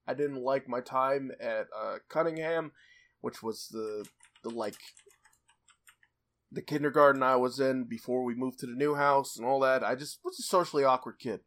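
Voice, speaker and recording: Brief: young male podcast co-host, mid-pitched, loose rambling storyteller who laughs a lot. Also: fairly bright tone. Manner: rambling, many restarts and fillers, laughs a lot. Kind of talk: casual storytelling chat.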